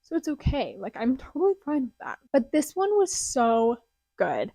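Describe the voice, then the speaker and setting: A young woman with a fairly high voice talks through her monthly reading in a chatty, gushing way. Her excitement often tips into breathy whispers. The sound is close and dry, with no room around it. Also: normal speed, no room sound. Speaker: booktuber. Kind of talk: casual book review vlog. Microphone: close desk mic.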